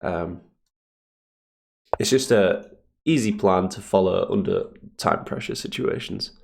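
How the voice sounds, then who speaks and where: Chess streamer, man, low gravelly voice; casual, halting commentary, lots of fillers. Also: slight background noise. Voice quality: deep gravelly morning voice. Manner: thinks aloud, hesitant fillers, chuckles often.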